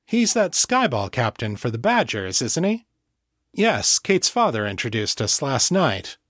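A man's voice: mid-range voice, very animated, unhurried, a bit bright, no echo, studio quality. A man voicing a cocky male incubus who drawls and mocks his questioner. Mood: smug. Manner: drawling, mocking.

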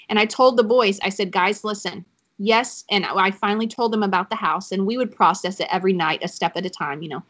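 A woman's voice: medium pitch, a bit bright, muffled recording. A woman, telling a personal faith story as a podcast guest, choking up at times.

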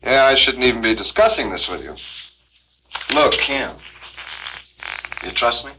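An actor playing a sleazy, manipulative photographer in a 1960s film, with a pushy, wheedling manner. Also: male voice, medium pitch, sing-song, unhurried, noisy background.

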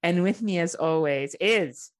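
A woman's voice: fairly low pitch, a little slow. A woman from Ontario, Canada hosting a horror podcast, chatting casually, laughing often and swearing freely. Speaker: podcast host. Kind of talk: casual chat.

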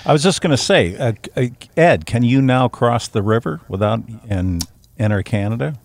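A man's voice: medium pitch, expressive, normal speed, creaky. A man co-hosting a casual talk show, wry and anecdotal. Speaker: co-host. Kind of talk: casual radio chat.

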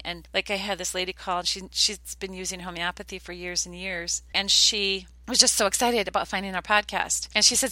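A woman's voice: medium pitch, steady tone, brisk, few pauses, bright, forceful tone, no echo. An older woman hosting a podcast, talking in an earnest, chatty way and telling stories. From United States. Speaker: podcast host. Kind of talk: casual podcast talk.

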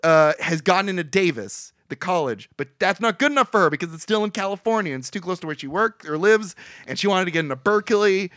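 A man's voice: high-pitched, lively intonation, fast talker, a bit bright, dry recording, clean studio sound. A young man casually recapping a film's plot on a podcast, rambling and swearing, laughing often. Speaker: podcast co-host. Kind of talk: casual movie recap chat.

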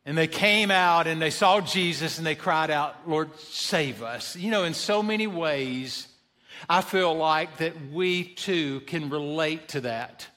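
A man's voice: fairly high pitch, a little slow, pushed and bright. A man preaching a sermon as pastor, emphatic, rising on questions and quoted cries.

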